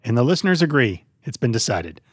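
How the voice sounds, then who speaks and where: A man's voice: medium pitch, sing-song, fast talker, husky, no room sound, studio quality. A man hosting a podcast in casual chat, joking and playful, acting out silly scenes. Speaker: podcast host.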